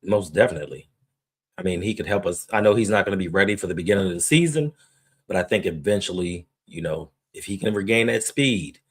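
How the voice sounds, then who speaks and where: A man's voice: sits low, husky. A man co-hosting a sports live stream, giving confident, opinionated analysis in a casual way.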